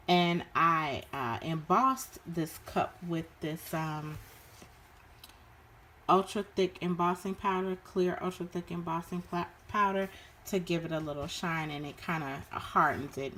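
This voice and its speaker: A woman with a low voice walks through her craft pieces one by one in a relaxed show-and-tell. She speaks at an unhurried pace and fills her pauses with frequent ums and uhs. A faint hiss sits under the recording. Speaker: crafter showing her work. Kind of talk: casual show-and-tell narration.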